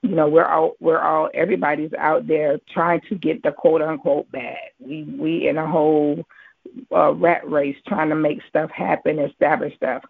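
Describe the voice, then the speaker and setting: A man giving a Bible teaching as a preacher, halting with many ums and restarts. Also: fairly high pitch, level tone, creaky, breathy edge, dry recording. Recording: tinny phone-like line, dry.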